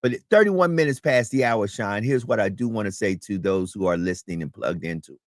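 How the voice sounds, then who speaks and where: A man hosting a live talk show, speaking in a preachy, emphatic way that climbs toward shouting. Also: fairly low pitch, expressive, fairly quick, no echo, clean studio sound. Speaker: host.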